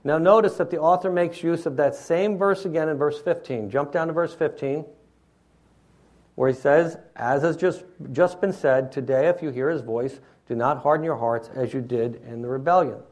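A man's voice: a little high, normal speed, a little mellow. A man preaching an expository sermon in a teacherly way, often checking in with his listeners.

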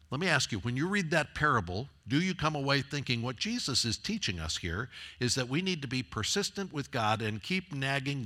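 A man's voice: mid-range voice, sharp tone. A man preaching a sermon in a conversational way, rising into emphatic repeated phrases. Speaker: pastor.

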